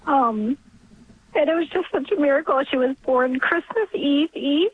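A woman in her forties from New York speaks over a thin, tinny phone line, and her voice sits high. She talks haltingly and is often moved to tearful laughter as a caller to the show. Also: lively intonation. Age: 40s. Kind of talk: call-in phone conversation. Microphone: telephone.

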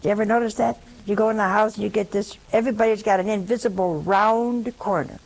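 A woman's voice: mid-range voice, fairly even intonation, fast talker, creaky, a little mellow, low-quality recording. A woman giving a conversational Catholic religious talk, telling humorous stories and asking her listeners rhetorical questions.

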